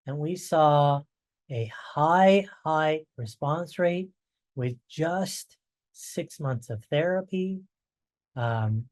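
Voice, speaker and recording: A man's voice: fairly high pitch, darkish tone. A man presenting research updates in a webinar, conversational and fond of rhetorical asides, while losing his voice.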